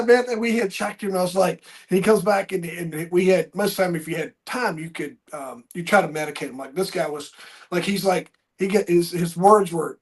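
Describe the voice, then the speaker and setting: A middle-aged man hosting a podcast, telling stories in an animated way, acting out quotes with bursts of loud speech and frequent restarts. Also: high-pitched, normal speed. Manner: animated storyteller, acts out quotes loudly, many restarts. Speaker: podcast host. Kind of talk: conversational interview, storytelling.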